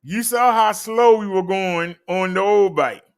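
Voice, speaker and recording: A man's voice: sits high, a little slow, clear, resonant tone. Easygoing man chatting with viewers. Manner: laid-back, chatty, talks straight to viewers. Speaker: live-stream host reviewing e-bikes. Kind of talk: casual live-stream chat.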